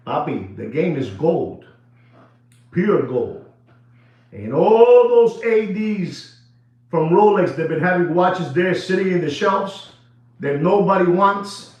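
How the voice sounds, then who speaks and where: A watch dealer rants to the camera in a high, lively voice, repeating his points over and over and slipping into Spanish phrases. The sound is dull and lo-fi. It echoes hard off the walls of the room. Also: takes it slowly. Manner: animated, repetitive, switches into Spanish phrases. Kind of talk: excited casual rant to camera.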